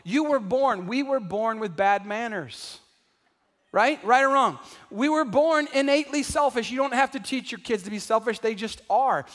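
A man preaching a sermon to a congregation, animated and calling out to the crowd, acting out everyday voices for laughs. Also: extremely high pitch, normal speed, big-room sound. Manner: acts out household voices for laughs. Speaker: pastor. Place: large church hall.

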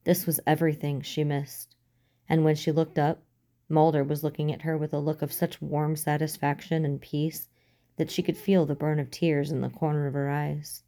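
A woman reads a story aloud like an audiobook, with a steady, even delivery. Her voice is low and dark, with a mellow, relaxed warmth. She keeps a calm storytelling pace through the narration. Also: moderate pace. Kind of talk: audiobook reading of fan fiction.

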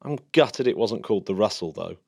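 A man's voice: fairly low pitch, animated, brisk, gravelly, darkish tone, slightly rough, dry recording, clean studio sound. A man co-hosting a podcast in casual, enthusiastic, jokey chat. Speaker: podcast co-host.

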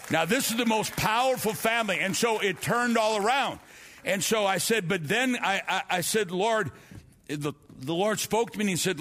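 Higher-voiced man preaching a testimony. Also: moderate pace, fairly bright tone. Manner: earnest storytelling, frequent restarts and repeated words. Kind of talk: sermon with personal testimony.

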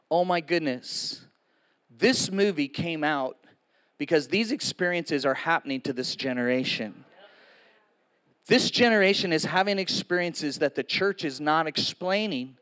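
Man in his 60s, high voice, sermon, chatty, joking asides, preaching live to a congregation. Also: fairly bright tone, clean tone. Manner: conversational, joking, with laughs and asides to the audience.

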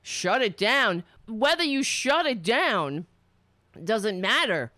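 A woman's voice: fairly high pitch, big pitch swings, slow pace, sharp tone, no room sound, clean studio sound. Profane, sarcastic woman ranting. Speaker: political commentator. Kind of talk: angry commentary rant.

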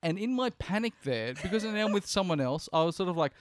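A young Australian man co-hosting a podcast, telling an animated anecdote and acting out the other people in it. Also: high voice, quick pace, no room sound, studio quality. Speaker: podcast co-host. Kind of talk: casual chat.

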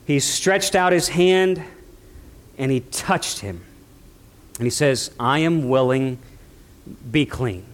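A man preaching a sermon, building passion through repeated phrases and slowing down for quoted lines. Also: high-pitched. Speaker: pastor.

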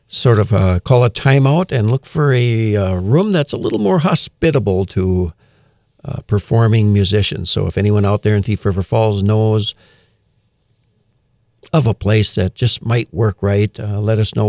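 A man hosting a radio music show, chatting casually with many fillers and reading news items aloud with quiet amusement. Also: lowish voice, no room sound, studio quality. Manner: relaxed and chatty, with frequent "uh" fillers and chuckles.

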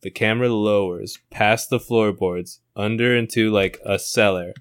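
A young man tells a silly story at a rambling, laughing clip on a comedy podcast. His voice sits low and sounds smooth and resonant. The recording is dry and close. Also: steady tone, moderate pace, dry recording. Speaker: improv comedy podcast co-host. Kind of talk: casual improv pitch and storytelling.

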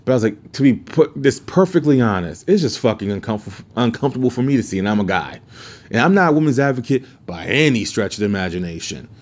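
A man's voice: mid-range voice, animated, fast talker, a little mellow. Rambling, profane man on a muffled mic. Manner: profane, rambling, lots of restarts. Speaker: podcast host. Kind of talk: casual podcast storytelling. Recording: muffled lo-fi recording.

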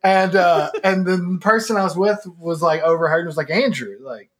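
A man's voice: high-pitched, fairly even intonation, a little fast, fairly bright tone. A young man from Kentucky, a musician guest, telling rambling self-mocking stories in casual podcast chat. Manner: rambling, self-mocking storyteller with frequent restarts.

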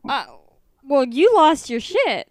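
A woman's voice: high-pitched, sing-song, takes it slowly. A woman co-hosting a podcast in casual chat, teasing and swearing casually with laughs. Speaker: podcast co-host.

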